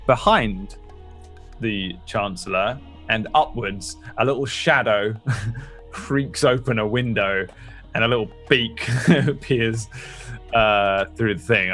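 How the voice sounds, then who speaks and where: A man narrating a tabletop role-playing game as game master, talking in a loose, relaxed way. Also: on the low side.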